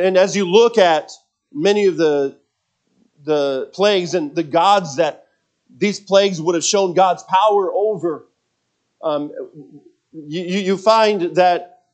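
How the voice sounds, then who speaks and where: A man preaching a sermon, earnest and emphatic, often repeating words as he restarts his thoughts. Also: sits high.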